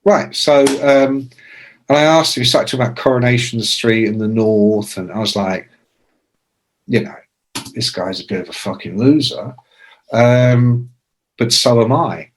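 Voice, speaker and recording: A man in his sixties, a music journalist, telling anecdotes as a podcast guest, casual and swearing, with loud imitations. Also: medium pitch, unhurried, pauses often. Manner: animated anecdotes with shouted imitations. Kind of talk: casual storytelling.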